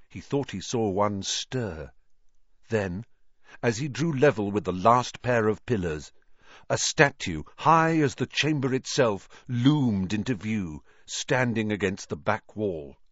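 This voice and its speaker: A man's voice: fairly low pitch, lively intonation, measured pace, no echo, highs cut off. A man narrating a fantasy storybook expressively and dramatically. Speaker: audiobook reader.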